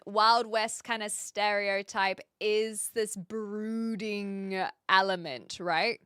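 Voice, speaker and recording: A woman's voice: medium pitch, bright, forceful tone, clean tone, no echo, clean studio sound. A woman streaming and chatting casually with viewers, laughing easily and reading their messages aloud. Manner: chatty, laughing, fillers, reads chat aloud. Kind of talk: casual live-stream chat.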